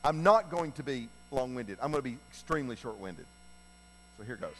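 A male preacher giving a sermon, retelling a Bible story in a folksy, animated way. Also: medium pitch, brisk, in a large hall, faint music behind, low-quality recording.

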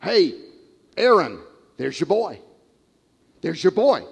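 A man voicing a group of men at an ancient city gate, loudly taunting a father as his son returns. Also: high-pitched, big pitch swings, takes it slowly, vocal fry, breathy edge, exaggerated voice. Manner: loud, taunting. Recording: long hall reverb.

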